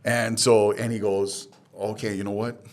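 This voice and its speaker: A man's voice: lowish voice, moderate pace. A man from Hawaii, a podcast guest, telling his life story candidly and acting out the dialogue he quotes. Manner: animated retelling, acts out quoted dialogue.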